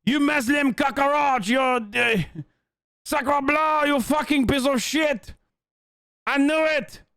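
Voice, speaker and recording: A furious, hot-tempered Frenchman shrieks insults in a mock French accent. His voice leaps far above a normal speaking pitch, with a strained timbre unlike an everyday voice. The sound is dry and close to the mic. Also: fairly even intonation, takes it slowly, pushed and bright, no room sound, full character voice.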